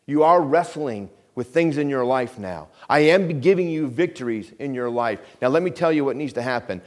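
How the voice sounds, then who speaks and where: A middle-aged man preaching a calm, conversational sermon in a church, often dropping to a quiet low voice and asking the congregation questions. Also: normal speed, few pauses. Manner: asks the congregation questions and repeats phrases. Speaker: pastor. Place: church sanctuary.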